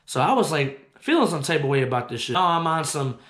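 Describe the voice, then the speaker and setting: A young man hosting his own show, telling a story from his childhood in casual, profane, animated talk that gets loud when he quotes himself. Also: a little high, fairly quick, echoey room. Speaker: host.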